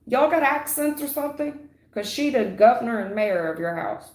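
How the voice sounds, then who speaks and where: A woman's voice: a little high, animated, normal speed. A woman giving a live tarot reading in a blunt, emphatic, slangy way, repeating her points. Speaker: tarot reader. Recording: roomy echo.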